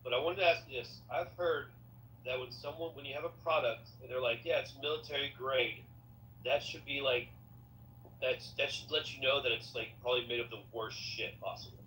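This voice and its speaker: A man's voice: medium pitch, steady tone, brisk, bright, forceful tone, slight background noise, low-quality recording. A man in a casual podcast chat who shares trivia and asks questions. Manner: chatty, full of trivia and questions.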